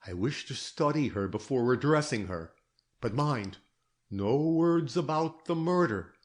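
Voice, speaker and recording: A fatherly old detective coaxes in a soft, gentle tone, as a male audiobook narrator plays him. His voice sits a little above the reader's own, shrewd under the kindness, in a storybook reading. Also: mid-range voice, expressive, measured pace, pitched above the performer's own voice, lightly acted. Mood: instructing. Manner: gentle, soothing, coaxing.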